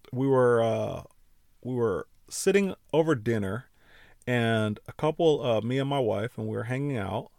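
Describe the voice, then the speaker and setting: A man's voice: mid-range voice, vocal fry, dry recording, clean studio sound. A man hosting a podcast, telling a personal story in a reflective, conversational way, with frequent fillers and laughing at himself. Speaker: podcast host.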